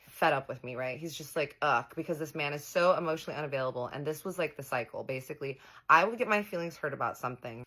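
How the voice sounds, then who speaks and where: A young woman rattles through a personal storytime at a quick clip. Her voice sits low for a woman. She acts out the back-and-forth of quoted dialogue, full of slang and the odd swear. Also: a bit bright. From United States. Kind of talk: casual storytime monologue.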